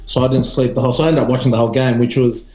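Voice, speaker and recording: Brief: New Zealand man, rambling rugby pundit, animated, echoey room. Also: mid-range voice, very fast, faint music behind. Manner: rambling, animated, laughs often. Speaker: rugby podcast co-host. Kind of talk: casual chat.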